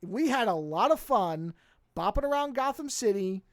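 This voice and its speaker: A podcast co-host chatting casually with a friend. The delivery rambles and restarts often, and the pitch swings widely. The recording is dry and close, with no room sound. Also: moderate pace, no room sound. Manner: animated, rambling, frequent restarts.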